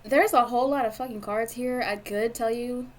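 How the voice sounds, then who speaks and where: A woman's voice: on the high side, steady tone, moderate pace, slight background noise. A woman doing a casual tarot reading monologue, giggly and gushing, emotional and swearing freely. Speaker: tarot card reader. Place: indoors at a table.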